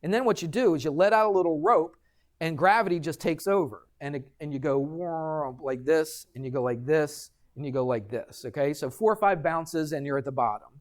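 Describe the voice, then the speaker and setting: A middle-aged man, a math teacher, telling a story to his class and lecturing in an animated way, checking in with students as he goes. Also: a little high, brisk. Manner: animated, addresses students directly with frequent "right?".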